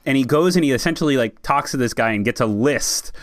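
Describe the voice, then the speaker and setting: A podcast co-host discusses films casually, chatting in a mid-range voice with lively intonation and a quick pace, filling his speech with lots of "like." The recording is studio quality with no room sound.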